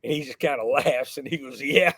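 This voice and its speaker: A middle-aged man, a podcast guest telling a folksy, animated story from his childhood. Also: mid-range voice, brisk, breathy edge, dry recording. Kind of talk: casual storytelling.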